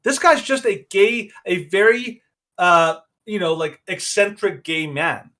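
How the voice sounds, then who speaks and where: A man's voice: high-pitched, a little slow, bright, forceful tone. A man co-hosting a podcast, giving opinionated casual commentary that rambles with many restarts. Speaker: podcast co-host.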